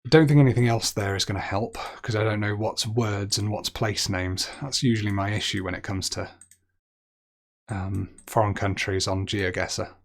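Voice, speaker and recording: In his gaming commentary, a young man playing a geography guessing game on stream speaks with a fairly low pitch, fairly even intonation and moderate pace. He reasons out loud and jokes about his own mistakes.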